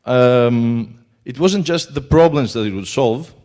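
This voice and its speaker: Greek guy presenting at a tech conference, lots of uhs, medium pitch. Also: slow pace, a little mellow. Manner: hesitant, many fillers. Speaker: conference speaker. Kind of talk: conference talk. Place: conference hall.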